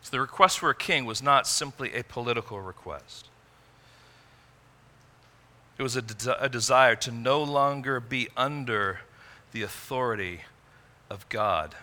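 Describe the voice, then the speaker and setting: A man preaching a sermon in an earnest way, rising to emphatic peaks and dropping low and quiet. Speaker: pastor.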